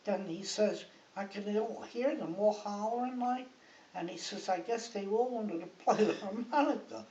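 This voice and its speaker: A woman's voice: medium pitch, normal speed, dark tone. An older woman, a grandmother, telling a rambling, chatty story in her living room, often checking in with her listener. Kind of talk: casual storytelling. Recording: hissy, muffled home recording from a distance in an echoey room.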